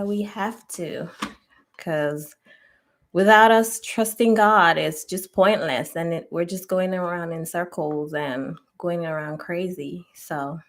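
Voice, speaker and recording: Slow-talking woman hosting a live chat. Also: mid-range voice. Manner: chatty, laughs often, greets viewers by name. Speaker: host of a live relationship podcast. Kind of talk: casual live-stream chat with viewers.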